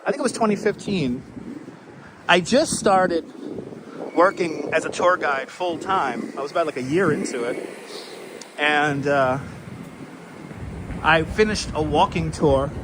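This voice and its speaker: With a voice on the high side and lively intonation, this man walks and streams at a measured pace, leaving long pauses as he casually rambles to viewers. The windy street recording, made on a wireless clip-on mic, carries wind and traffic noise.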